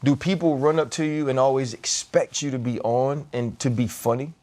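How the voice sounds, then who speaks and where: A man hosting a sports and life podcast in an average-pitched voice. He chats in an easygoing, conversational way and tells stories at an even pace. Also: normal speed. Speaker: podcast host. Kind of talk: casual podcast chat.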